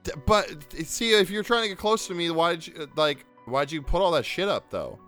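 A man's voice: fairly high pitch, big pitch swings, a little fast, a bit bright, faint music behind, voice pushed up. A man voicing an angry, suspicious teenage boy who swears and stammers in a tabletop role-play.

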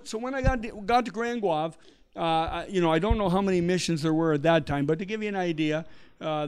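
High-voiced storytelling man from Canada. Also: smooth. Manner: animated storytelling, acting out quoted voices. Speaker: missionary guest. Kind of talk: storytelling interview.

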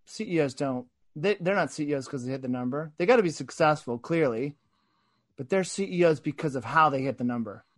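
Guy telling a work story, kinda high voice, earnest, restarts a lot, dead dry sound. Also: lively intonation, a little fast, no echo. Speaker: sales executive guest. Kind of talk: storytelling in a podcast conversation.

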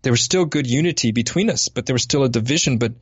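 US man, podcast co-host, halting storyteller, dry and slightly dull recording. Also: medium pitch, husky, no echo. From United States. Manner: halting, repeats words often. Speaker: podcast co-host, parish catechist. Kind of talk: casual storytelling.

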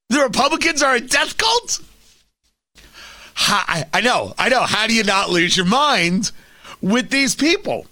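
A man's voice: extremely high pitch, big pitch swings, a little slow, sharp tone, no room sound. A man hosting a talk radio show, delivering sarcastic, mocking opinion commentary.

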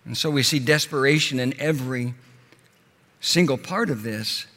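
Impassioned preacher in a reverberant hall. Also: male voice, mid-range voice. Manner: impassioned, swells loud then drops soft and slow. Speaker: pastor. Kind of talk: sermon.

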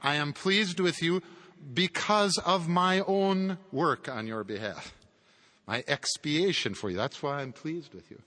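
A man's voice: fairly high pitch, measured pace, bright, forceful tone. A man voicing Christ as a firm, reassuring speaker who bluntly repeats his comfort, in a hall with a long echo.

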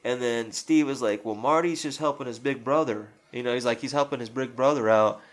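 A man's voice: medium pitch, brisk. A man in casual chat, retelling a film scene by scene through quoted lines, with a rambling, profane way of talking.

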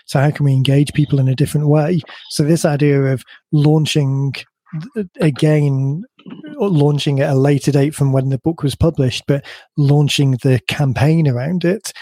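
A man hosting a podcast with a slightly croaky voice, explaining ideas in a relaxed way with many restarts. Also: fairly high pitch, normal speed, no echo. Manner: thinks aloud with many restarts.

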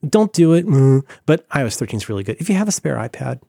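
A man chatting casually about tech as a podcast co-host, excitable and rambling with many restarts. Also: medium pitch, very fast, gravelly, no echo, clean studio sound.

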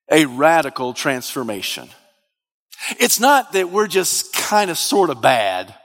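A man's voice: on the high side, creaky, a bit bright. A man preaching a sermon with dynamic delivery, his voice rising into emphatic, sung-out peaks. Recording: long reverb of a large hall.

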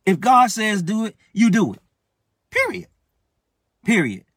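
A man's voice: high voice, big pitch swings, normal speed, a bit bright, breathy edge, no room sound, clean studio sound. A man preaching a sermon with impassioned, repetitive phrasing and a speech-preaching cadence.

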